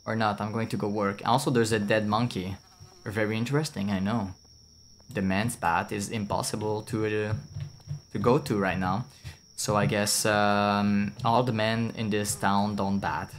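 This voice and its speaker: A fairly low-voiced young man with a French accent rambles through a game stream, swearing now and then and answering chat. A faint hiss sits under his voice. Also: fairly even intonation, measured pace. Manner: rambling, chatty, swears, reads chat aloud. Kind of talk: casual gameplay commentary.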